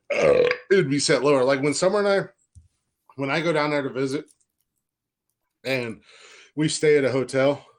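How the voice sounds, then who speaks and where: A man's voice: medium pitch, measured pace, pauses often. A young man hosting a podcast, telling stories in a rambling, profane way and often stammering into restarts. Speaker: podcast host. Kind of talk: casual podcast banter.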